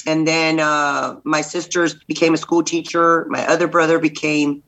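A middle-aged woman from Texas, a guest candidate telling lively stories in a podcast interview and acting out the voices in them. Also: low voice, normal speed, poor audio. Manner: lively, acts out voices in anecdotes. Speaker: guest, state senate candidate. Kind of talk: animated storytelling in a podcast interview.

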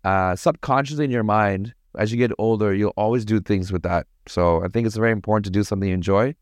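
A man from Toronto, a podcast guest telling stories in a casual, animated, slangy way. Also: lowish voice, quick pace, dry recording, studio quality. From Toronto, Canada. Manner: animated, slangy, acts out voices in his anecdotes. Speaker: podcast guest, party promoter. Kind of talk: casual storytelling.

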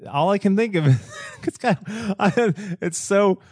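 A man co-hosting a casual movie review chat, conversational and quick to laugh. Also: high voice, expressive, a little mellow, husky, no echo, clean studio sound. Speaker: podcast co-host.

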